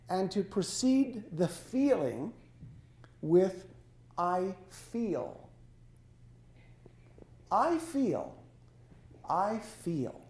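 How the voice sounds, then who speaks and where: A man giving a life-coaching talk to a small audience, speaking in a halting, conversational way and often correcting himself. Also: sits high, dark tone. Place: lodge hall. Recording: echoey hall.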